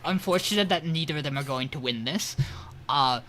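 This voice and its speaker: Podcast co-host, male, bright tone, lively storyteller who swears, faint noise underneath. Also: fairly high pitch, fairly quick. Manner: animated retelling, swears, quotes characters. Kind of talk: casual episode recap.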